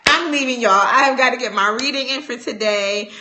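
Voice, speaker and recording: A woman's voice: a little high, brisk, bright, forceful tone. A woman talking casually to viewers on a phone livestream, playful and teasing, laughing often and using y'all and ain't. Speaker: speaker and trainer hosting a livestream.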